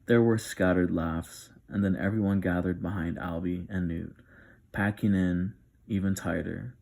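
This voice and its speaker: Low raspy guy doing a soft asmr book reading, calm steady pace. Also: measured pace. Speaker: narrator.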